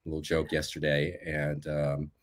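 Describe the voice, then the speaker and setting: A man's voice: a bass voice, monotone, unhurried. A man as a guest on a casual live-stream talk, telling a story with emphatic bursts and laughter.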